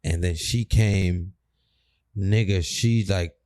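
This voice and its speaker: A man's voice: sits low, slow pace, darkish tone, clear, resonant tone. A man on a podcast, telling a story in slangy, swearing casual chat with laughs. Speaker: podcast co-host.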